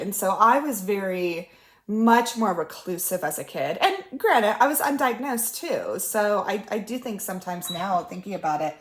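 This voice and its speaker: Chatty mom in a roomy space. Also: female voice, mid-range voice. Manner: chatty, warm-hearted storytelling with laughs and fillers. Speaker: vlogger chatting while crafting. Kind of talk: casual chat. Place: room at home. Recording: roomy echo.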